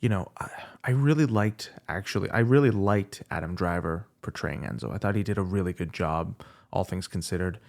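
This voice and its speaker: A man's voice: low-pitched, brisk, creaky, a little mellow. A man who hosts his own podcast, a guest here, chatting casually and telling stories with easy laughter. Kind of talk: casual chat.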